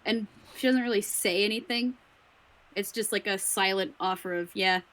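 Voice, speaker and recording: A woman playing a tabletop role-playing game, describing her character in a soft, hesitant way with many fillers. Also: mid-range voice, moderate pace. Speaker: player. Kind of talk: tabletop role-play chat.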